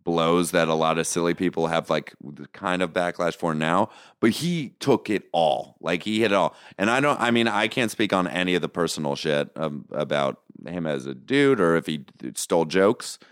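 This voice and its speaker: Deep-voiced man chatting loosely. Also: moderate pace, few pauses, clean tone, no room sound, studio quality. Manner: loose, enthusiastic, heavy on filler words. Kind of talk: casual chat.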